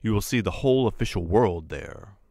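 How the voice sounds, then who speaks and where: A man's voice: on the low side, animated, moderate pace, dark tone, no echo, studio quality, close to an everyday voice. A man voicing a timid, eager young clerk husband in an audiobook, pleading and stammering. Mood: coaxing. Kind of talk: audiobook character voice.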